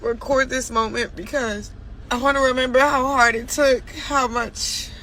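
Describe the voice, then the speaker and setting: A woman boxer recording a personal video diary, tearful and halting, talking to herself as she fights back crying. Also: high voice, steady tone, background noise.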